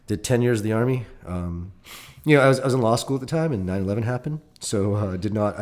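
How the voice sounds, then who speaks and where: Fast-talking man in his forties with deep voice. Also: darkish tone. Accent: American. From Singapore. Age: 40s. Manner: chatty, rambling with repeated restarts. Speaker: guest. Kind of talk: casual podcast conversation.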